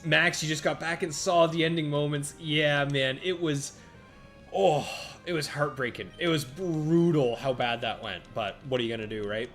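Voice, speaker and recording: While playing a monster-battle game, a man gives casual live-stream commentary, chatting with viewers by name and reacting aloud to each turn. His voice is a little high at normal speed, with faint game music behind him.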